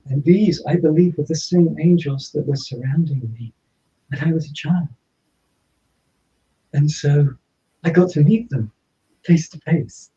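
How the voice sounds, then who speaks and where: A man, a podcast guest, telling a personal story in an animated way and acting out the dialogue. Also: on the high side, unhurried, pauses often, a little hiss or hum. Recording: slightly dull lo-fi audio.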